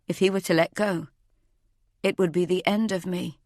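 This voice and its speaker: A woman narrating a first-person thriller audiobook in a tense, measured way. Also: on the low side, steady tone, darkish tone, dry recording, clean studio sound.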